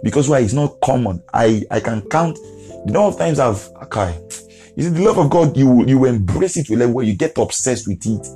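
A man's voice: mid-range voice, expressive, fairly quick, warm tone, faint music behind. A man preaching an earnest devotional podcast sermon, repeating phrases for emphasis.

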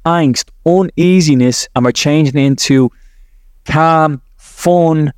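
Male podcast coach, slightly high voice, loose rambling delivery, dry close-miked sound. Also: slow, darkish tone, clean tone, no room sound. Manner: rambling, self-correcting, laughs at himself. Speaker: podcast host, NLP coach. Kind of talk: guided visualization talk.

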